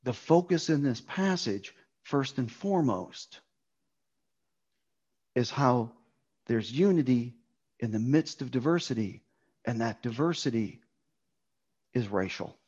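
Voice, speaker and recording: A man's voice: medium pitch, lively intonation, takes it slowly, long pauses, a little mellow, husky, muffled recording. A man preaching a sermon on a Bible passage, emphatic, repeating key words for stress.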